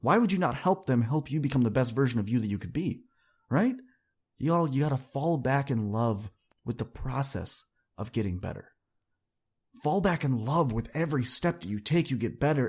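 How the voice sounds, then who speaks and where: A man's voice: medium pitch, a little mellow, slightly rough. A young adult man hosting a podcast, delivering an earnest, upbeat motivational monologue that speaks straight to his listeners. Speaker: podcast host.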